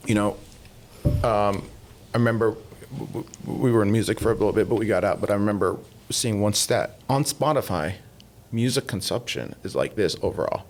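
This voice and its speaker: A man's voice: on the low side, brisk, a little hiss or hum. A man guesting on a podcast, telling stories in casual chat, acting out past talks and leaning on fillers. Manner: animated, retells talks in quoted voices, many fillers. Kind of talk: casual storytelling interview.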